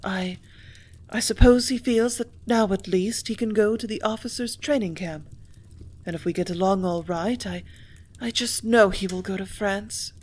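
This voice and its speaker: A woman voicing a quiet young woman who speaks softly and breathily, near tears, in an audiobook reading. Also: medium pitch, moderate pace, natural voice. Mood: anxious.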